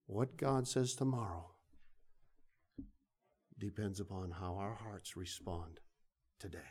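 A man preaching a sermon, pleading, drawing out phrases slowly and dropping to soft, hushed passages. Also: low-pitched, breathy edge.

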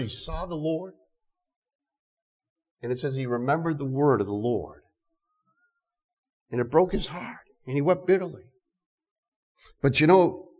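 An older man preaching an earnest sermon, often repeating words and reading scripture slowly. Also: fairly high pitch. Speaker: pastor.

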